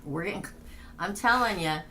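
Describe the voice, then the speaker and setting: Woman host, tarot reader on a livestream; low-pitched, bright, chatty, laughs easily. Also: lively intonation, normal speed, slight background noise. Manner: chatty, laughing, reading names off a list. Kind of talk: casual livestream chat.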